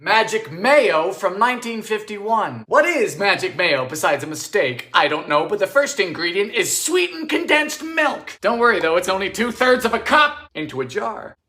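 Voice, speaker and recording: A man narrating a comic cooking vlog about vintage recipes, making dry deadpan jokes and breaking into sudden shouts. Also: high voice, normal speed, few pauses. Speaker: home baker trying vintage recipes. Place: home kitchen.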